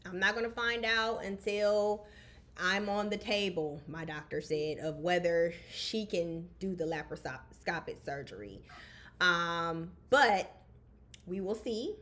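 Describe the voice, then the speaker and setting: A woman's voice: fairly low pitch, slow, a bit bright. A woman hosting a podcast, chatting candidly and casually from her home over a video call. She talks openly and informally, calling her guest "girl.". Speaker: podcast host. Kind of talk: casual chat.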